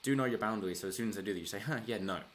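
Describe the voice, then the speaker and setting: A political commentary channel host rambles through a casual solo segment, often restarting sentences and chuckling as he speaks. His voice is lowish and a bit bright, and he talks very fast. There's slight background noise.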